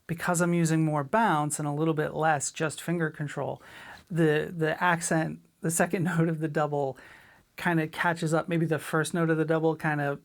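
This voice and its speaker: A middle-aged woman teaching a drum lesson in a relaxed, chatty way, sometimes scatting rhythms aloud. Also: sits low, moderate pace. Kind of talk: casual spoken lesson.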